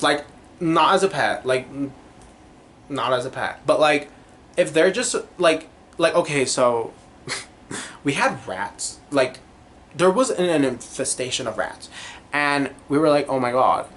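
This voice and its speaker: A young man with a voice that sits a little high for a man, talking in a loose, giggly stream of tangents. He piles on fillers and restarts as he hosts his own podcast. A faint hum of room ambience sits under his voice. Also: a little slow, long pauses. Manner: tangent-prone, giggly, animated, lots of fillers. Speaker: podcast host. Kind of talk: rambling casual monologue.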